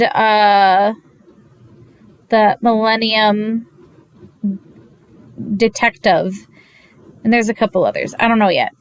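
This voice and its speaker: A woman giving a casual, animated recap of an anime episode, gushing and exasperated by turns, slipping into quick quoted voices of the characters. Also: on the high side, smooth, no room sound. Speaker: anime reviewer.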